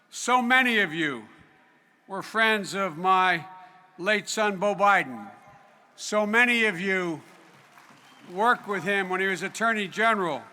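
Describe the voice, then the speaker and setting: Older man, political speaker at a big hall, high voice, very bright, loud folksy delivery. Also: slight background noise. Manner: loud, folksy, raises voice over applause. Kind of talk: convention speech. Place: large convention hall.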